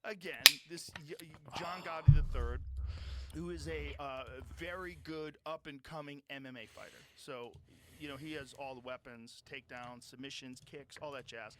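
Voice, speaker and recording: A man's voice: on the high side, normal speed, a crowd in the background. A man talking animatedly and profanely as a podcast host in casual chat.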